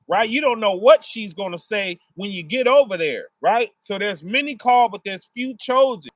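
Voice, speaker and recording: A man with a fairly high voice delivers a loose, conversational sermon, stopping after almost every phrase to check "right?" with his listeners. He explains his points through homely family examples. The sound is dry and close. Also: animated, moderate pace, hardly any pauses, a bit bright, dry recording. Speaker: preacher. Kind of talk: casual street sermon.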